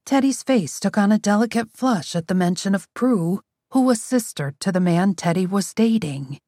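Woman narrator, mid pitch, animated and wry, dry studio read. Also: moderate pace, no room sound. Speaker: audiobook narrator. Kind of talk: scripted narration.

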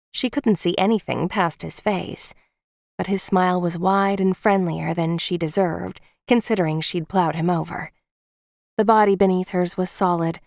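A woman's voice: on the low side, vocal fry, no room sound, studio quality. A woman reading a romance novel aloud as an audiobook narrator, telling the story expressively. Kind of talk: scripted narration.

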